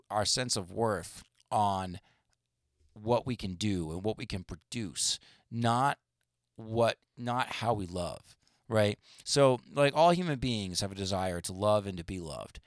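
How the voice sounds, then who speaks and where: Male podcast co-host, lowish voice, dry sound, casual rambling delivery full of "you know". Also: slow, no room sound. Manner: rambling, many fillers and restarts. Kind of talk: casual discussion.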